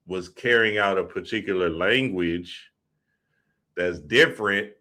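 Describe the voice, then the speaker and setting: A man's voice: fairly low pitch, unhurried, bright, forceful tone. A man hosting a show, talking in a casual, profane, slang-heavy monologue full of stories. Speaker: podcast host.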